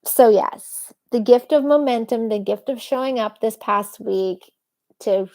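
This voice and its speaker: A woman's voice: a little high, a little slow, darkish tone. Candid woman rambling in a personal vlog. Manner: rambling, candid, swears casually. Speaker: vlogger. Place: bedroom with an ocean view.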